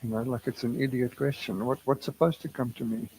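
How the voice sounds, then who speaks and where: A man's voice: mid-range voice, fairly even intonation, normal speed, a little mellow, slightly rough, rough recording. A man giving a spiritual talk, telling a personal story in an earnest, confessional way and laughing at himself now and then. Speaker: spiritual teacher.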